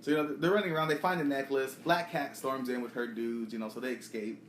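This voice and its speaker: A man chatting casually on a podcast, recapping a comic book in a rapid, profane way. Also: medium pitch, fairly even intonation, fairly bright tone, a little hiss or hum. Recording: echoey room.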